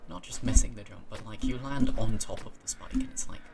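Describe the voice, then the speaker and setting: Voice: mid-range voice, brisk. A streamer from the Cambridge area with an English accent, chatting casually while playing a game, rambling, swearing often and cutting themselves off mid-thought. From England, Cambridge area. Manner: rambling, swearing, self-interrupting. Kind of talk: casual gaming stream chat. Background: loud game music.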